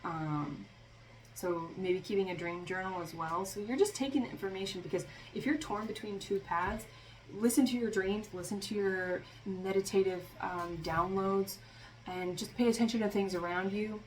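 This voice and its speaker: A woman's voice: mid-range voice, moderate pace, a little hiss or hum, poor audio. A woman giving a casual spiritual tarot reading, talking in a loose, rambling way with lots of fillers and a sarcastic streak. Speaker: tarot reader.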